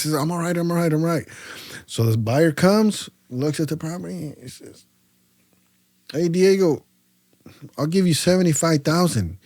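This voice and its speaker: A man from California's Central Valley, a podcast guest telling stories in a casual way, acting out both sides of his conversations with lively voices and often stumbling over and repeating his words. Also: a little high, moderate pace, long pauses, dry recording, clean studio sound. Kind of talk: casual storytelling.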